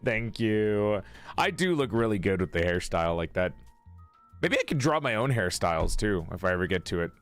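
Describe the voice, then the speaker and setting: A man's voice: lowish voice, big pitch swings, normal speed, fairly bright tone, clean tone, soft background music. A man streaming, chatting casually with his viewers, joking and teasing as he reads their messages aloud and answers.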